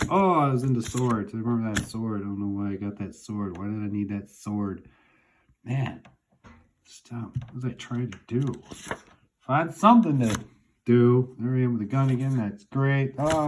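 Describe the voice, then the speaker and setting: A man in his forties calmly reminiscing to himself as he looks through old family photos. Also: mid-range voice, a little hiss or hum. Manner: unhurried, musing, talks half to himself. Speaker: vlogger looking through childhood photos. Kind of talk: casual reminiscing monologue.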